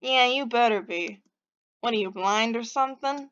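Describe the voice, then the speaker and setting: A woman's voice: moderate pace, a bit bright, dull audio, close to an everyday voice. A woman voicing a rude, pushy young man from Boston in a game, with a nasal, strained voice and a put-on Boston accent. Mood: hostile. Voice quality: nasal, lilting, forced deeper and strangled. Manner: brash, confrontational, talkative.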